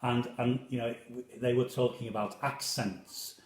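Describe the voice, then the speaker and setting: Chatty priest with a soft Liverpool accent. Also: male voice, mid-range voice, fairly even intonation, unhurried. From England. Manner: chatty, rambling, self-deprecating, with many restarts. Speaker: parish priest. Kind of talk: casual chat to viewers. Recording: roomy echo.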